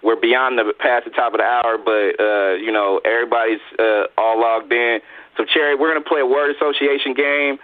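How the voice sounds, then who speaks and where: A man's voice: mid-range voice, fairly even intonation, a little fast, no echo. Joking male co-host on a tinny line. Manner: joking, hype-man, laughs often. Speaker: radio show co-host. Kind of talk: casual live radio chat.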